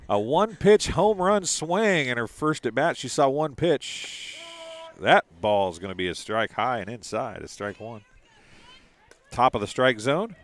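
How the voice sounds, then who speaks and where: A man doing casual live play-by-play commentary, chatty and quick to laugh between calls. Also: mid-range voice, expressive.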